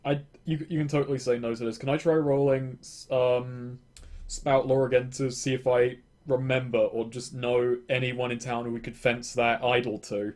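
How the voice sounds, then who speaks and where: A man's voice: medium pitch, level tone, moderate pace, a little mellow. A man playing a tabletop game in casual chat, chatty and asking about the rules. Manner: chatty, rule questions, restarts. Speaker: player.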